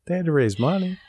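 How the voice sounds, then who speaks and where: A man co-hosting a casual podcast, reading history aloud in a slow, dramatic way. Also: fairly high pitch, mellow, breathy edge, no echo, studio quality. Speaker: co-host.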